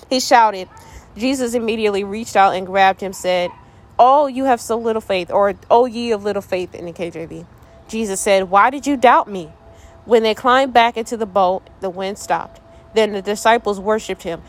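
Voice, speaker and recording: A woman's voice: mid-range voice, normal speed. A woman leading a casual Bible study, reading scripture with playful joking asides and then turning earnest and reflective. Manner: reflective, earnest when applying the passage.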